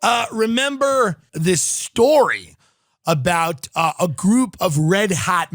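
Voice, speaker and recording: Guy doing a sarcastic comedy podcast rant, high bright voice, dry close sound. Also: dry recording. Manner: sarcastic, riffing storyteller. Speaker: podcast host.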